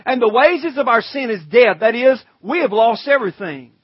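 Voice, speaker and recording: High-voiced preacher man, lo-fi recording. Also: lively intonation, moderate pace, husky, dry recording. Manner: conversational preaching, calls to the congregation; reads scripture in old-fashioned wording. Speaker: pastor. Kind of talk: sermon.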